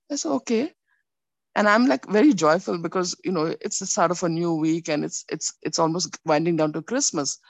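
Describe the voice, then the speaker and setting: A woman telling a personal faith story in a rambling, animated way, with many restarts. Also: low voice, vocal fry, dry recording. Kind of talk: personal testimony.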